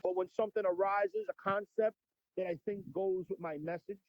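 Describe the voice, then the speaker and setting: High-voiced rambling man, lo-fi sound. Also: steady tone, fairly quick, no room sound. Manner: rambling, repeats words, stop-start. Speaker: interview guest, musician. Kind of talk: casual interview chat.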